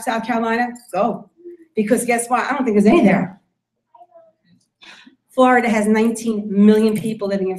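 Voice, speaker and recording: A woman stands before a room and makes an emphatic sales pitch, hammering her points home by repeating them. Her voice sits on the high side. The sound echoes around the meeting room. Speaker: network marketing presenter.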